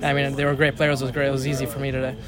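A man's voice: mid-range voice, monotone, very fast. A young man with a French Canadian accent, a hockey player giving short, modest answers in a post-game interview. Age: young adult. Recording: crowd noise outdoors.

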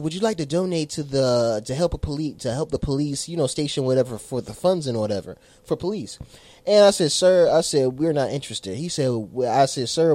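A man telling a story in casual chat, animated and swearing, acting out the people in it. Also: a little high, no echo. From South Carolina. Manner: animated, swearing, mimics people in his stories.

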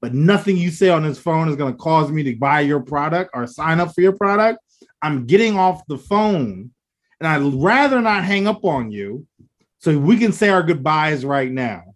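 A man's voice: fairly high pitch, animated, moderate pace. A man co-hosting a casual podcast, rambling through stories and mimicking the people he talked to on the phone. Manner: rambling, laughing storyteller mimicking phone calls. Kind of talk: casual chat.

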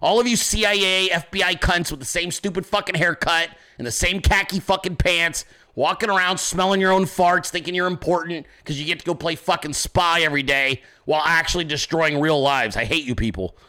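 Angry, profane man ranting with a high, bright voice. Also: a little fast, hardly any pauses. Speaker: host of a political commentary show. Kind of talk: profane political rant.

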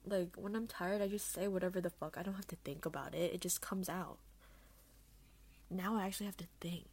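A young woman hosting her own podcast, talking to herself in a chatty, self-mocking way, swearing often and dropping into hushed asides between louder bursts. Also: medium pitch. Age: young adult. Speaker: podcast host. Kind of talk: casual solo chat.

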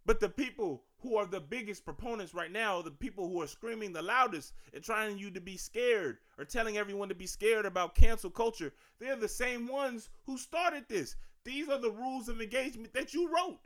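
A man's voice: high-pitched, moderate pace, hardly any pauses, a bit bright. Emphatic D.C. man ranting on a podcast. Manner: emphatic, slangy, profane ranting. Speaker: podcast host. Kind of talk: casual sports and culture commentary.

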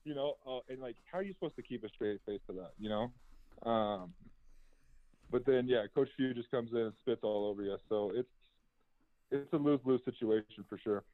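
A man's voice: medium pitch, normal speed, no echo. Brief: young male ex-athlete guest, easygoing and rambling, heard through a tinny call line. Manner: laid-back, chatty storytelling with many fillers. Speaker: former college basketball player, guest. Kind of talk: casual interview answers. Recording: tinny phone-like line, dry.

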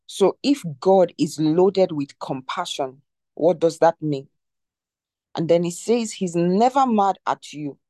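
Emphatic, mellow devotional teacher. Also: medium pitch, slow pace, no echo. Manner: emphatic, repeats key phrases, asks rhetorical questions.

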